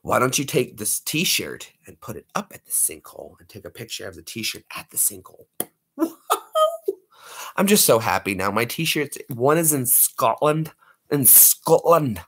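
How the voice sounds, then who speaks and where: Playful man with a lively voice. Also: lowish voice, normal speed, gravelly, slightly rough. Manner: playful, jokey, slips into put-on accents. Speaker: livestream host. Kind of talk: late-night livestream chat with viewers.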